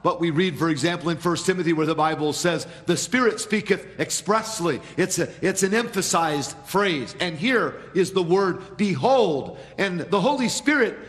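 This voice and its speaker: A man preaching a sermon as pastor in a church, measured, with dramatic pauses and sudden quiet drops. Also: high voice, expressive, in a large hall. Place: church sanctuary.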